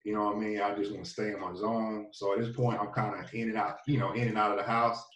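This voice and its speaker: Relaxed football guy rambling on, lots of you know, echoey room, mic kinda far. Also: lowish voice, fast talker. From North Carolina. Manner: laid-back, rambling, lots of fillers. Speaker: interview guest, pro football player. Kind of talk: casual storytelling. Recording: roomy, distant from the mic.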